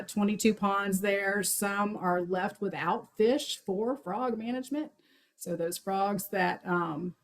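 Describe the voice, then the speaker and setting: A woman's voice: mid-range voice, low-quality recording. A woman giving a chatty, enthusiastic talk on frog calls as a wildlife outreach coordinator, with many fillers.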